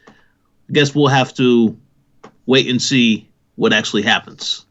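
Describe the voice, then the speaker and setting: Male podcast co-host, average pitch, steady and plain-spoken, slightly dull mic. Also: measured pace. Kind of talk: casual episode discussion.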